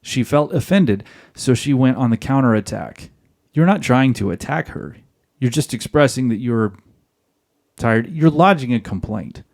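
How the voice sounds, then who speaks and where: Man, podcast host, blunt lecturing tone, talks straight to the guys, mid pitch. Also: expressive, unhurried, a little mellow. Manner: direct, lecturing, addresses listeners as guys. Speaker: podcast host giving marriage advice. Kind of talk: advice monologue.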